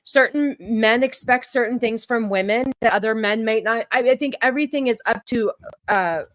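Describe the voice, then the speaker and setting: A woman's voice: fairly high pitch, normal speed, a bit bright, no room sound, clean studio sound. A woman hosting a casual podcast chat, often stopping and repeating words as she thinks aloud. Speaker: podcast host.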